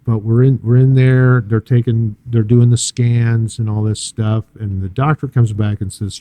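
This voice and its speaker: Older male church guest: earnest, halting testimony, warm low-key timbre. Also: dry recording. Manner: earnest, halting telling with many fillers and restarts. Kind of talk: personal storytelling interview.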